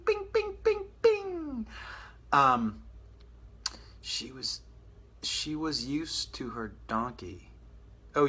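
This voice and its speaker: A man in his forties tells rambling, self-mocking stories on a live stream. His voice is bright and lively, rising and falling a lot. It has a husky edge. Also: mid-range voice. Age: 40s. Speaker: podcast host on a live stream. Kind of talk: casual storytelling and reading viewer comments.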